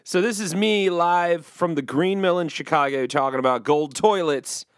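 A man's voice: fairly high pitch, moderate pace, clear, resonant tone, dry recording, studio quality. A man hosting his comedy podcast, rambling in a self-mocking way and hungover. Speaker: podcast host. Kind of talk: casual comedic podcast chat.

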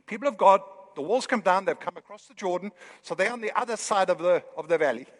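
A man preaching a sermon in a church, with animated, building emphasis. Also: sits high, fast, long reverb tail. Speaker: pastor. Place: church hall.

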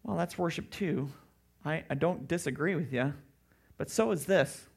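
Animated gravelly-voiced male pastor preaching. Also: a little high, normal speed. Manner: animated, jumps into loud mocking voices. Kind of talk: sermon.

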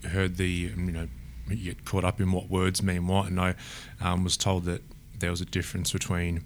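A man, telling stories in a relaxed, rambling casual conversation. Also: deep voice, normal speed, slight background noise.

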